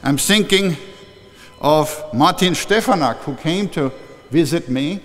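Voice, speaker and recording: An older man giving a warm, conversational acceptance speech at a formal ceremony, often restarting and correcting himself. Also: a little high, animated, a little slow, faint music behind. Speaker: honorary doctorate recipient giving an acceptance speech. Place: large historic chapel hall. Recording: long reverb from a large hall.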